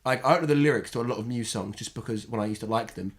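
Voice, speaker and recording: A man's voice: mid-range voice, very fast. A young man from England co-hosting a podcast in casual chat, rambling and repeating words as he talks. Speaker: podcast co-host.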